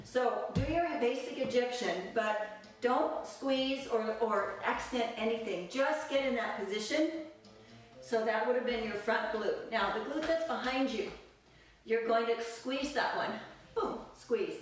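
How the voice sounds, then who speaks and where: A woman's voice: fairly high pitch, unhurried. A woman teaching a live belly dance class, counting beats aloud and cueing each move with encouragement. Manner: encouraging and upbeat. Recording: very echoey room, mic far off. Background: music playing.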